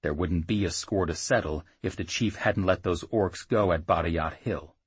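A man's voice: deep voice, moderate pace, husky, no room sound. A man voicing a bitter, brooding male half-orc warrior who speaks bluntly, reading an audiobook.

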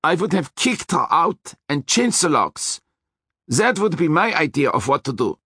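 A man's voice: on the high side, sing-song, a little slow, husky, no echo, clean studio sound, voice pushed up, heavily acted. A man voicing a grim, menacing male chauffeur with an Austrian accent in a storybook reading. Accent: put-on Austrian. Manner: menacing, shouting, grimly emphatic.

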